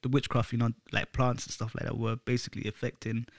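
A man's voice: mid-range voice, little pitch movement, quick pace, gravelly, no echo, studio quality. A man co-hosting a podcast, chatting casually and rambling with lots of fillers. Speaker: podcast co-host. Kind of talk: casual chat.

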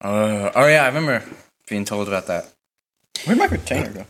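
Giggly, lively-voiced teenage guy. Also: lowish voice, fairly quick. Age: late teens. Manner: giggly, sweary, rambling with many likes. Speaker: podcast co-host. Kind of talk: casual chat.

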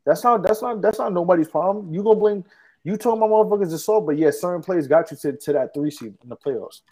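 A man's voice: high voice, expressive, quick pace, dark tone. A man co-hosting a casual talk show, ranting and mocking in heavy profanity. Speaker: podcast co-host. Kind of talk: heated casual chat.

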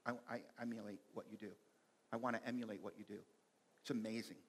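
A man preaching a sermon in a lively, conversational way, reading quotes and making asides to the congregation. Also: fairly low pitch, quick pace, husky. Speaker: pastor.

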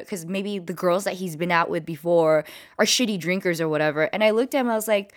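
A young adult woman recounting a wild night out for her viewers. Her telling is animated and chatty, packed with "like" and "you know" as she jumps from one moment to the next. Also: medium pitch, moderate pace. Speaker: vlogger. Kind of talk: casual storytime.

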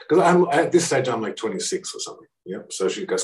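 A middle-aged man tells a personal story with animated energy. He acts out the people he quotes, and his voice leaps in pitch when he does. He sounds set back from the mic in an echoey room. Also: normal speed, hardly any pauses, far from the mic. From Australia. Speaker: speaker. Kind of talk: anecdotal storytelling.

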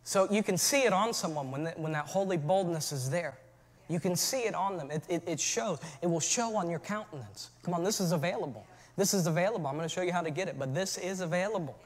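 A man preaching a sermon as pastor, moving from relaxed storytelling to shouted calls to his church. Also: high voice, quick pace, in a large hall.

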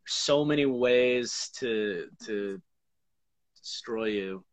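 A man, an actor, chatting casually as a guest, hesitant and halting with many fillers. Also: on the low side. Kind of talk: casual chat.

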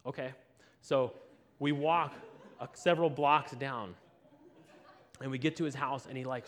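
A man preaching a sermon, telling a story and acting out both people in the conversation. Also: mid-range voice.

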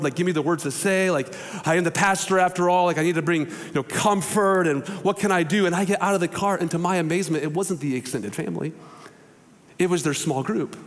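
A man's voice: high voice, long reverb tail. A male pastor preaching a casual, conversational sermon, telling stories and acting out quoted voices. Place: church sanctuary.

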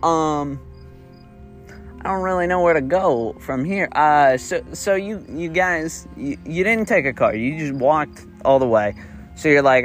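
A man's voice: mid-range voice, a little slow, faint music behind. A young man improvising a second-person story, rambling with restarts and the odd swear word.

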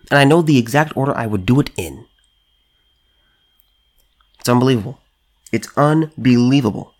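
A man from California gives political commentary in a vlog, his mid-range voice expressive and his pace moderate, with frequent pauses. He presses hard and emphatically, firing off repeated rhetorical questions and stammering as he restarts when he gets worked up.

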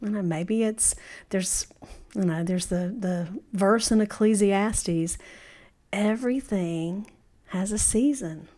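A middle-aged woman hosting a podcast, giving an encouraging talk and telling stories, often saying "you know" and laughing now and then. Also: mid-range voice. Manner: warm storytelling with frequent "you know" and laughs. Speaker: podcast host. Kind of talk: motivational podcast monologue.

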